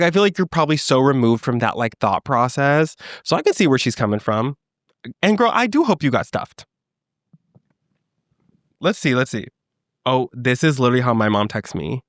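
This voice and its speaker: A young man hosting a solo comedy podcast, chatting in an animated, sassy way and joking with plenty of swearing. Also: mid-range voice, dry recording, studio quality. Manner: animated, sassy, reacts and jokes freely with swearing. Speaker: podcast host.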